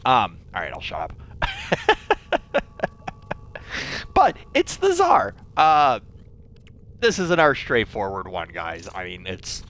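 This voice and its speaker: A young man streaming a game, rambling in casual commentary with free swearing, self-mocking asides, and a scratchy throat he keeps clearing. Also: low voice, sing-song, a little slow, long pauses, a bit bright.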